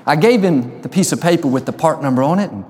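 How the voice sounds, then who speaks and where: A man preaching a sermon, telling stories and slowing down to stress key lines. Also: on the high side, animated, warm tone, long reverb tail. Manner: storytelling, slows for emphasis. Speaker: pastor.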